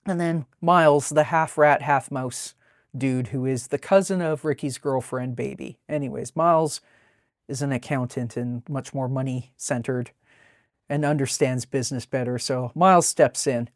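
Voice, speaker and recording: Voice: medium pitch, steady tone, normal speed, no room sound, clean studio sound. Chatty, rambling webcomic artist. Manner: rambling, filler-heavy, chatty. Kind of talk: casual narrated sketchbook tour.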